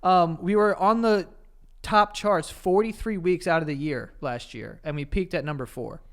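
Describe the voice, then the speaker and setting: A man's voice: a little high, normal speed. A man co-hosting a podcast in casual chat, profane and joking, laughing often. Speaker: podcast co-host.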